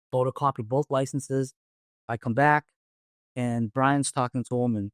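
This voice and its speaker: Middle-aged guy, retired cop telling a war story, swears a lot, mid-pitched voice, dry close mic. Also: no room sound. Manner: blunt, profane, animated storyteller acting out dialogue. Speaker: retired police detective, guest. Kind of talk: storytelling in a podcast interview.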